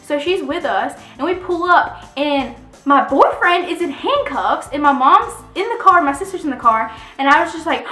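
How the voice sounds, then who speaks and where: A young woman tells a story to her vlog camera, chatty and animated, often breaking into laughter. Her voice is bright and a little high. The room is echoey, with faint music under it. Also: fairly quick. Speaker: vlogger. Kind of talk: casual storytime.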